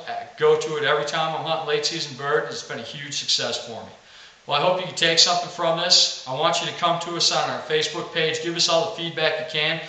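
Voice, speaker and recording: Bright-voiced man teaching duck calling, very echoey. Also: a little high, recorded from a distance. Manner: plain, practical teaching, saying quack aloud to demonstrate. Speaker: duck call instructor. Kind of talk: instructional how-to video.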